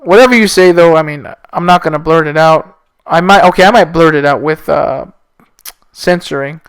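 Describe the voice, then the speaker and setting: A man's voice: a little high, moderate pace, clear, resonant tone, no room sound. A young man hosting a casual solo podcast, rambling and self-mocking with loose, profane asides. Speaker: podcast host.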